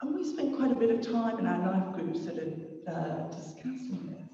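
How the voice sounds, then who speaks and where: A man's voice: high voice, very animated, normal speed, mellow. A man preaching a sermon in a church hall, talking conversationally and putting rhetorical questions to the congregation. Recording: distant, roomy, dull long-reverb hall sound.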